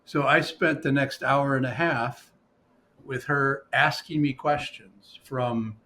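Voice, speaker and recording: A man's voice: mid-range voice, fairly even intonation, slow, bright, forceful tone. Man telling stories, rambling with fillers. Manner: rambling with fillers and restarts, quoting others. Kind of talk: casual storytelling.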